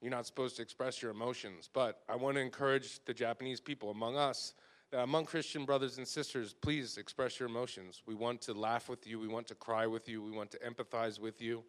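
A man's voice: medium pitch, steady tone, a little fast, a bit bright. Man leading a church talk; heartfelt, chatty, owns up to his own faults. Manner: earnest, emotional, self-deprecating, conversational. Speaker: church leader. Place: church gathering.

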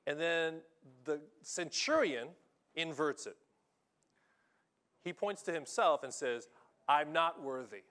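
A male pastor preaching a sermon in an animated, emphatic way, often checking in with his listeners. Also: on the high side, slow pace, pauses often. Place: church in Japan.

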